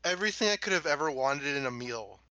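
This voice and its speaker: A young man chatting casually as a podcast co-host, laid-back with lots of fillers and quick bursts of speech. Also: fairly high pitch, expressive, pushed and bright, no room sound, low-quality recording. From Los Angeles area. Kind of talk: casual chat.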